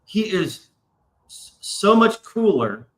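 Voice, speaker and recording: A man hosts a casual live stream, swearing freely as he rambles through a long story. His voice is bright and forward. The room gives it a noticeable echo. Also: high-pitched, sing-song, slow. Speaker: stream host. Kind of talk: casual chat.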